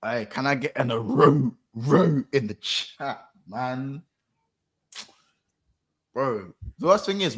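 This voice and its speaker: A man in casual football banter, talking in a mock-dramatic, drawn-out way. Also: mid-range voice, animated, husky. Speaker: football fan panelist.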